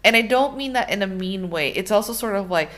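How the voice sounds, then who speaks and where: A woman's voice: medium pitch, animated, brisk, fairly bright tone. A woman co-hosting a film podcast, talking frankly and casually, with the occasional swear word. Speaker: podcast co-host.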